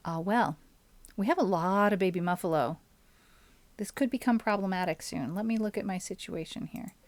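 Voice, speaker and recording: A woman's voice: mid-range voice, normal speed. A young adult woman streaming a game, chatting casually and musing aloud while answering her chat.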